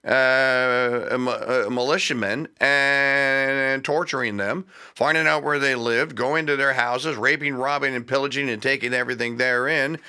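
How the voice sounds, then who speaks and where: A man's voice: mid-range voice, bright, forceful tone. A man hosting a talk radio show, delivering fired-up, sarcastic commentary and laughing at his own points.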